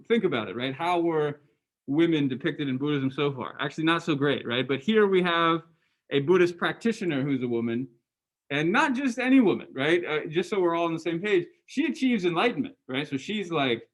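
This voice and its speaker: A man's voice: on the high side, rough recording. A man giving a university lecture in a casual, conversational way, often asking the class questions and restarting sentences with ums. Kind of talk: lecture to students.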